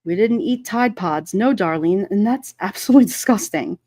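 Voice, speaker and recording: A chatty middle-aged woman hosting a casual live stream, laughing often and rambling through her stories with plenty of fillers. She sits close to the mic in a dry, dead-sounding space, her pitch right in the middle. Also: animated, moderate pace, warm tone, no room sound. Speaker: livestream host. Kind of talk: casual live-stream chat reading comments.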